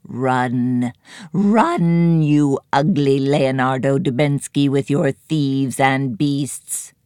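Old fortune-teller crone, croaking, shrill edges, a woman acting her out, slow, close dry sound. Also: mellow, no room sound, heavily acted. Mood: shrieking warning. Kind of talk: storybook reading.

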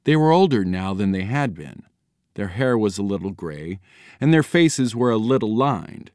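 A man reading a children's storybook aloud in a studio, in an expressive, playful storytelling manner. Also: on the low side, moderate pace, no echo. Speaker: audiobook reader. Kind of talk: storybook narration. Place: recording studio.

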